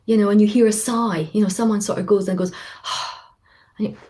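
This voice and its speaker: A woman's voice: mid-range voice, fast talker. A middle-aged woman coach talking casually in an online session, acting out the voices in her stories. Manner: animated storytelling, acting out quoted voices. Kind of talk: casual webinar talk.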